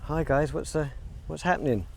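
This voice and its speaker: A male vlogger chats casually on a walk through an outdoor field beside a stone circle, playfully talking to the cows nearby. His fairly high voice has vocal fry and a normal speed, with background noise and faint outdoor ambience including cows.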